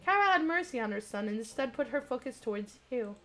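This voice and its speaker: A high-voiced young woman reads a dating game aloud to her stream, giggly and quick to get excited. Her voice sounds strained and starts to crack from so much reading. Soft music plays faintly underneath. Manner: giggly, excitable, chats with viewers.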